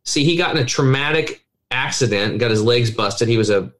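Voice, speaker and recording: A middle-aged man speaks as a health coach in a relaxed podcast conversation. He tells stories in an animated, persuasive way, and his voice sits at an ordinary middle pitch for a man. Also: normal speed. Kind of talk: casual podcast interview talk.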